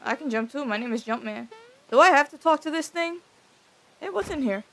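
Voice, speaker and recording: A woman's voice: sits high, expressive, brisk, a bit bright. A young woman streaming a game, joking and teasing the characters in casual commentary. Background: game music.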